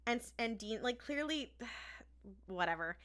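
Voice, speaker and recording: A woman with a mid-range voice co-hosts a podcast, speaking at a moderate pace. She chats casually while recapping an episode, animatedly acting out and quoting its lines.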